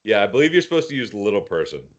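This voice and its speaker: A man's voice: on the low side, big pitch swings, very fast, lo-fi sound. A man in a casual group podcast chat, blunt and jokey, with some swearing.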